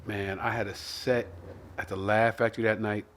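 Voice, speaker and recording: Animated New comedian telling stories. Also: male voice, on the low side, moderate pace, background noise. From Brooklyn, New York. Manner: animated, profane, acts out quotes. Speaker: comedian host. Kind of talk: casual storytelling chat.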